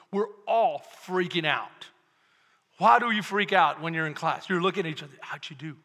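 Male pastor, preaching with call-and-response, high bright voice. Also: in a large hall. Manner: preaching with call-and-response amens, swings from loud to hushed. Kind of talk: sermon.

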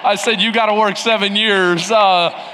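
A man's voice: high voice, fairly even intonation, moderate pace, sharp tone, slight background noise. A middle-aged male pastor preaching a sermon, telling a personal story with emotional restarts and laughter. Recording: long hall reverb.

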